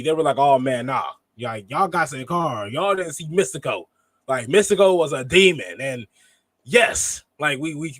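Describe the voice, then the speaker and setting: A man's voice: on the high side, fairly bright tone, dry recording. Rambling man reviewing wrestling, slangy. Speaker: podcast co-host. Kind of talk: casual wrestling review chat.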